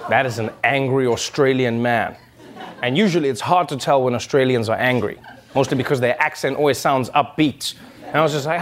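A man hosting a comedy news show, delivering a satirical monologue with punchy jokes and quick asides. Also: a little high, lively intonation. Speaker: host.

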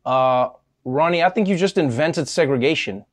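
A man hosting a comedy news show, trading scripted banter in an animated way that sometimes stammers and gets flustered. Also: a little high, moderate pace. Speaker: late-night comedy news host.

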